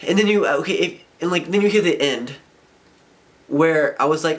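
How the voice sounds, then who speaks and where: A man's voice: fairly high pitch, moderate pace, fairly bright tone. A young man vlogging, ranting in a frustrated, rambling way and filling his talk with "like". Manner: frustrated rambling, heavy filler "like". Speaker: vlogger and skater. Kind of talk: casual ranting vlog.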